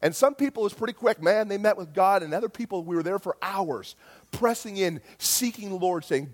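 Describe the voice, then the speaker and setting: A middle-aged male pastor preaching a sermon with passion, dropping to near-whispers and rising to loud calls. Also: sits high, expressive, brisk. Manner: impassioned, swings from hushed to loud.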